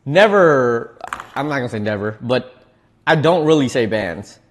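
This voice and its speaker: A man's voice: mid-range voice, lively intonation, a little slow. A man streaming, chatting casually while he eats, laid-back and slangy, often repeating his words. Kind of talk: casual chat while eating.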